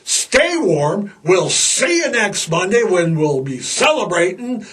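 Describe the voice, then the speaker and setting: A man's voice: high-pitched, big pitch swings, takes it slowly, a bit bright, far from the mic. A man hosting a casual podcast monologue, blunt, rambling and fired-up. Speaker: podcast host.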